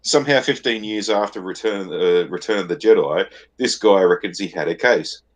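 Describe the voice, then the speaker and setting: A man's voice: sits low, moderate pace. A man with an Australian accent, co-hosting a casual podcast with blunt, profane, rambling banter. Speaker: podcast co-host.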